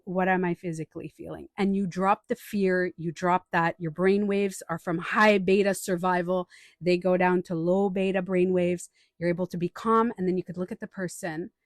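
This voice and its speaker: A woman coaching viewers on a live stream from home, animated, acting out the inner voices she quotes. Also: mid-range voice, dry recording, studio quality.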